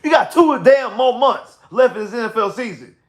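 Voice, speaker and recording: With a very high voice and a fairly quick pace, a man hosts a casual postgame football livestream, his rant emphatic and repetitive and growing heated and exasperated. The sound is roomy, picked up through headphones and a home streaming setup.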